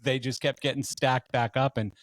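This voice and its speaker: A man's voice: mid-range voice, level tone, normal speed, no room sound. A Canadian man hosting a podcast interview, telling long stories in a casual, rambling way full of fillers and restarts. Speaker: podcast host.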